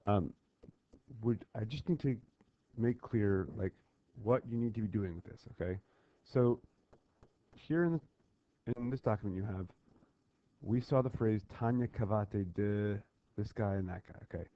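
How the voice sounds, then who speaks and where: A male teacher talking students through a worksheet on a Talmud text, with lively call-and-response drills and repeated checks for understanding. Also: on the low side, unhurried, pauses often. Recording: dull lo-fi voice recording.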